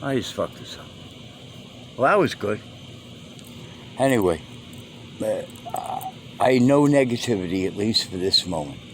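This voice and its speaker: A man with a fairly low voice talks very slowly into a phone he holds outside, wandering from thought to thought and trailing off. The phone recording carries a steady hum of air conditioning and passing cars behind him. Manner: meandering, trailing off and restarting. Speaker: vlogger. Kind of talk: rambling handheld phone vlog. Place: outdoors among stray cats. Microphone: phone held in hand. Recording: phone audio with clear ambient noise.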